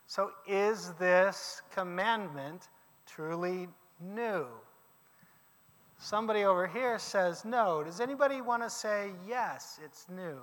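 A man teaching a class, lecturing with lively questions to his students. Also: sits high, slow pace, big-room sound.

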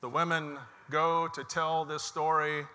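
A man preaching an Easter sermon as pastor, telling the story slowly and leading his congregation in call-and-response. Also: a little high, level tone, bright, forceful tone, smooth, big-room sound. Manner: slow, measured storytelling with call-and-response prompts. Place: church sanctuary.

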